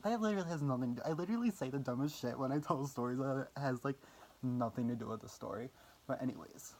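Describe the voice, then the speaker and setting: A man's voice: medium pitch, fast talker, a little mellow, a little hiss or hum. A young man telling a personal story in a casual vlog, rambling with lots of fillers, swearing casually and making fun of himself. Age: young adult. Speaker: vlogger.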